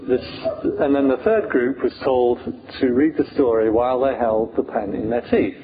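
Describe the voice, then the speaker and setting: In a tinny recording with faint hiss, a British monk speaks at normal speed and medium pitch. He guides meditation in a casual, humorous way, his speech scattered with fillers.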